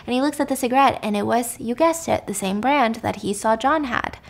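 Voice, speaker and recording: A woman hosting a podcast, casually retelling a thriller plot with animated delivery that sometimes drops to a whisper for suspense. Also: a little high, brisk. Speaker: podcast host. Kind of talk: casual story recap.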